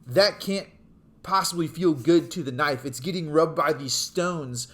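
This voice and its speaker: Chatty young youth pastor, highish voice. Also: male voice, unhurried. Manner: chatty, joking, storytelling. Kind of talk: casual youth sermon video.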